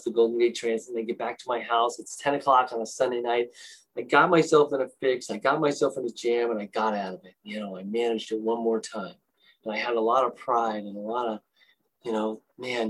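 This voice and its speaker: A man in his fifties or older, a recovering alcoholic, earnestly tells his own recovery story in a talk, confessional and emotional. His voice is medium-pitched, and the recording is rough.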